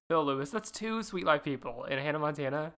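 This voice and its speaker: Giggly woman podcast cohost, bright voice, animated and chatty. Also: deep voice, normal speed. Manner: giggly, animated, leads the segment. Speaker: podcast co-host. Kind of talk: casual podcast chat.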